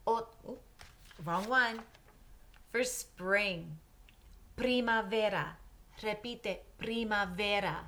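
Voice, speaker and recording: A woman teaching Spanish to children, patiently saying words and pausing for her class to repeat them, mixing English and Spanish. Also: medium pitch, pushed and bright. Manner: patient, pauses for repetition. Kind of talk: slow drill lesson for children.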